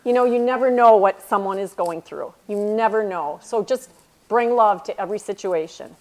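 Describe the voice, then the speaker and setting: A middle-aged woman gives an inspirational faith talk to a women's group. She speaks earnestly in a medium-pitched voice. She slows down to stress and repeat her key phrases. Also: darkish tone. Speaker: speaker at a women's church retreat.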